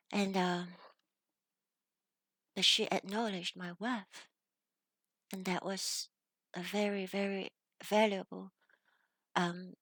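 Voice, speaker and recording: This is a woman with a Chinese accent, sharing a personal story in an earnest way. She talks at an unhurried, slow pace and leaves in a few hesitant fillers. The recording is close and dry, with no room echo. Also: mid-range voice, fairly bright tone. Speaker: self-development vlogger. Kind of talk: reflective personal storytelling to camera.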